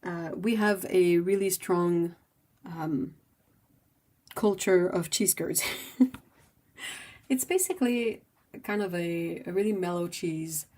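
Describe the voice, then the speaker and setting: A woman's voice: on the low side, slow pace, mellow. A woman from French Canada, hosting a livestream and chatting casually while she paints. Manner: chatty and rambling, many fillers. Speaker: livestream host.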